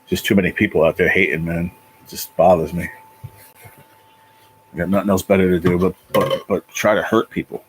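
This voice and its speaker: A man hosting his own livestream from his apartment, talking casually and emotionally in a halting, repetitive way with a lot of swearing. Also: low-pitched, fairly even intonation, a little hiss or hum, rough recording. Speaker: livestream channel host. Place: apartment at home.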